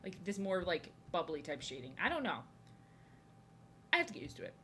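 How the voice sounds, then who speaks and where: A woman's voice: lowish voice, big pitch swings, brisk, a bit bright, slight background noise. A young woman from New Jersey chatting casually while drawing on a live stream, rambling and repeating herself. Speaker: art streamer.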